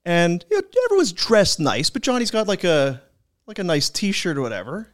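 Speaking in a high, sing-song voice at a normal pace, a sports podcast host spins chatty locker-room anecdotes. He performs the quotes as he tells them.

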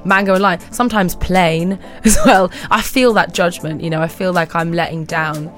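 A woman's voice: on the low side, steady tone, moderate pace, faint music behind. A woman chatting as an interview guest, bubbly and laughing often as she acts out little voices in her stories. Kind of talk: casual chat answering questions.

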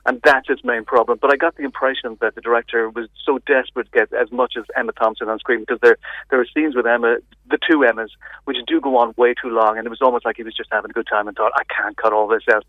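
Fast-talking man reviewing films by phone. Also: medium pitch, no room sound. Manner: chatty, animated, many restarts. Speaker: film reviewer. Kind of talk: casual radio film review. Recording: tinny phone line.

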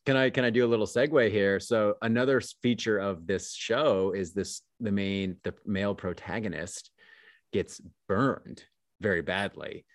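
A man's voice: lowish voice, moderate pace, no echo, studio quality. A man co-hosting a podcast, chatting casually in a rambling way with lots of fillers, then reflecting on a prayer. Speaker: podcast co-host.

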